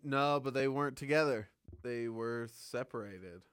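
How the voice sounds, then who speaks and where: A man's voice: mid-range voice, measured pace, fairly bright tone, clean tone, dry recording, clean studio sound. A man hosting a podcast, chatting casually with skeptical questions and easy laughter. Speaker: podcast host. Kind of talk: casual chat.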